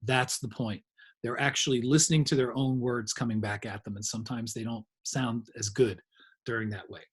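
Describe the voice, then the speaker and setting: A middle-aged man leads a training lecture in a slightly husky voice. He talks conversationally and walks through ideas with examples and asides. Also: mid-range voice, fairly even intonation, normal speed.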